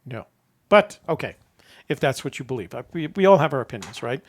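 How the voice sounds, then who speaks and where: A man's voice: mid-range voice, sing-song, fairly quick. An older man, chatting casually as a show host and rambling through stories while chuckling at himself. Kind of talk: casual chat.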